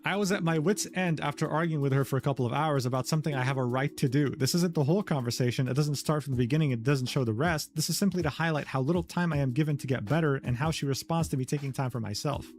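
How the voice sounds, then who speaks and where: A man's voice: a little high, quick pace, hardly any pauses, a little mellow. A man narrating a drama recap, reading quoted messages aloud with sardonic asides. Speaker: commentary narrator.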